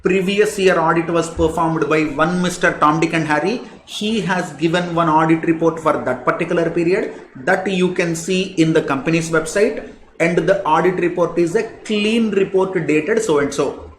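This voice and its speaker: A man's voice: on the high side, moderate pace. A man teaching an audit class, explaining step by step and repeating key phrases for emphasis. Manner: animated teaching with asides and examples. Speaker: audit lecturer. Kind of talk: classroom lecture. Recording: echoey room with faint background noise.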